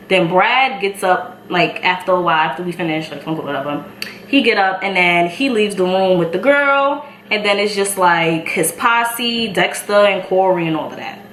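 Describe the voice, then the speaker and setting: A young woman in her twenties with a Brooklyn New York accent, telling an animated story while doing her makeup and acting out the people in it. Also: mid-range voice, normal speed. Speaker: beauty vlogger. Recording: echoey room, faint ambient noise.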